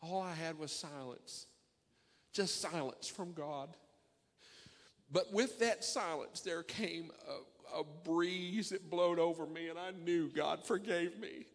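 A man preaching a testimony sermon, impassioned and building toward near-shouting. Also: sits high, slow, long reverb tail.

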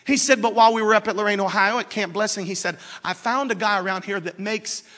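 A man preaching a sermon, telling a story and building up to shouted, fervent lines. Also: high-pitched, fairly even intonation, quick pace. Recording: long reverb of a hall.

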